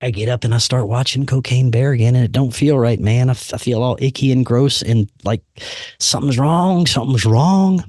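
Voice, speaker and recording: A man hosting a podcast, telling a personal story in a casual, animated way, acting out the voices he quotes and dropping "man" and "dude" often. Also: mid-range voice, a little fast, dry recording, clean studio sound. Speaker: podcast host.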